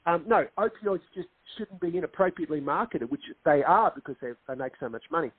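A man's voice: a little high, lively intonation, fairly quick, slightly rough, no room sound. A film director as a guest in a casual interview, explaining earnestly and acting out quotes as he tells stories. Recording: tinny phone-line sound.

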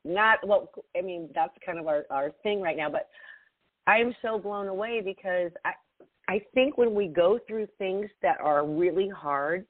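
A woman co-hosting a podcast in casual chat, expressive and laughing often, her voice swinging between loud and soft. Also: mid-range voice, no room sound. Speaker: podcast co-host. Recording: tinny phone-like sound, dry.

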